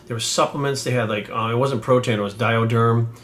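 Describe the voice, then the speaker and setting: A man in his forties from New England tells a story to camera, swearing freely and stumbling through fillers. His voice sits at an ordinary middle pitch for a man. A faint hum of room noise runs under his speech. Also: steady tone, fairly quick, fairly bright tone. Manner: profane, rambling, many fillers. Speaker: fitness coach.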